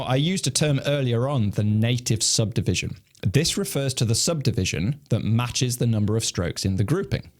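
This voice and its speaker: A man teaching snare drum technique, explaining stickings in a calm, methodical way and counting beats aloud. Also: on the low side.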